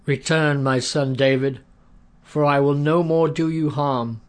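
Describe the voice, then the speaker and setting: A man's voice: on the high side, steady tone, unhurried, natural voice. A man playing a solemn, remorseful king. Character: older male king, remorseful.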